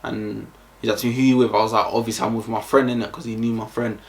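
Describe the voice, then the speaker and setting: A young man with a London accent tells a casual storytime vlog, rambling and slangy with lots of fillers. His fairly low voice is fast and flat, with vocal fry.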